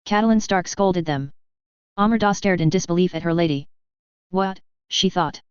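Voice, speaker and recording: A woman narrating a fan fiction story as an audiobook reader, in steady storytelling. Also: lowish voice, fairly quick, smooth, no room sound, lo-fi sound.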